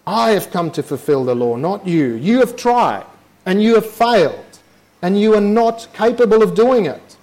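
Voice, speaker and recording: A man preaching a sermon in a conversational way, acting out his listeners' objections in quick asides. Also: high-pitched, animated, darkish tone. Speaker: pastor.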